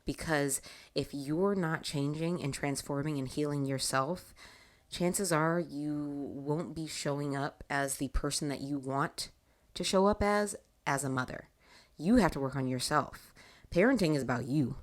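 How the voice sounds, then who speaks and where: A woman hosting a casual faith talk show, telling a personal story in an animated way and laughing often. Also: low voice, unhurried. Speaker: podcast host.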